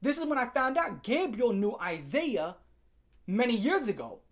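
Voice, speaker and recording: A man telling a story from his school days in a casual, profane rant, animated and laughing at times. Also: extremely high pitch, moderate pace.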